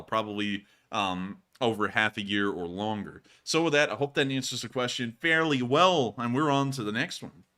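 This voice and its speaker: Man, stream host, bright tense voice, casual Q&A, jokey, sleepy. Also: medium pitch. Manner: chatty and joking, laughs often. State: sleepy, yawning. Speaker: war news stream host.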